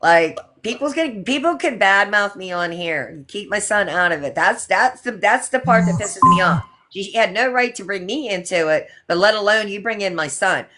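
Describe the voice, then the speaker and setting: A woman's voice: mid-range voice, animated, normal speed, few pauses, sharp tone, slight background noise. A middle-aged woman hosting a casual livestream, talking indignantly and repeating her points for emphasis. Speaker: livestream host.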